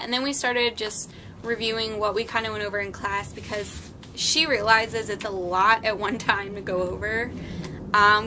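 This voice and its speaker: Against a noisy background, a young woman of medium pitch casually recaps her nursing class for her vlog. Her talk is chatty and plain, full of ums.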